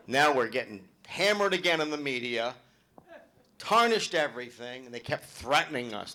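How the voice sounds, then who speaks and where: A middle-aged man doing loud, animated, swearing stand-up storytelling at a club show. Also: medium pitch, moderate pace, slight background noise. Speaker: stand-up comedian. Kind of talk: live stand-up comedy. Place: club event hall with live audience.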